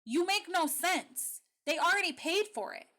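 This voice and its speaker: A woman's voice: very high voice, lively intonation, moderate pace, sharp tone. A young adult woman hosting call-out commentary, blunt and sarcastic, swearing as she reacts to clips.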